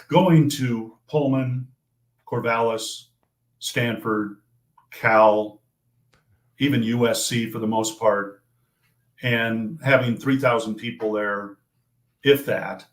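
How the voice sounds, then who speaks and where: An older man, a sports play-by-play broadcaster, answering questions in a measured, thoughtful way, often restarting his phrases. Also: mid-range voice. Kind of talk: casual interview answers. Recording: roomy echo.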